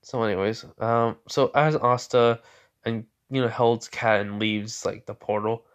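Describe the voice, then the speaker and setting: A man's voice: medium pitch, steady tone, measured pace, clear, resonant tone. A young man retelling a fan story in a rambling, casual way, full of fillers.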